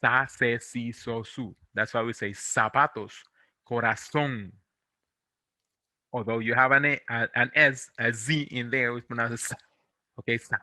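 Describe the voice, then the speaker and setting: A man from America, teaching pronunciation in English, patiently drilling syllables and gently encouraging. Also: medium pitch, steady tone, dry recording. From Latin America. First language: Spanish. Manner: patient, drills syllables slowly and repeats them; encouraging, gently corrects and reassures. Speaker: Spanish teacher. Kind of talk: online pronunciation lesson.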